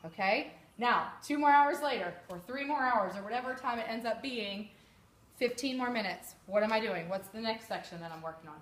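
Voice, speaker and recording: A woman giving a chatty, animated sales training talk to a live group, sometimes acting out customers' voices. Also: fairly high pitch, brisk. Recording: echoey room with background noise.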